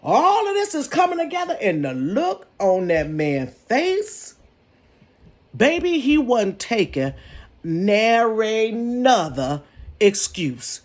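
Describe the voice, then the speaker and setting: Sassy, animated woman telling a story. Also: on the high side, slow pace. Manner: sassy, animated, talks to viewers as "baby" and "honey". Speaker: storytelling vlogger. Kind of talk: casual storytime. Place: bedroom.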